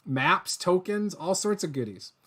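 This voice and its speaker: Casual excitable guy hosting a game talk show, voice sits a bit high, rambles. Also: a little slow. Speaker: podcast host. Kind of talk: casual interview chat.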